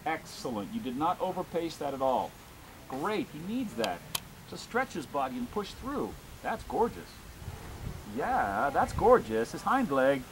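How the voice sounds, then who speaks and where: A man's voice: sits high, background noise. A man coaching a dressage lesson, giving short commands and encouraging praise. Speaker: riding instructor.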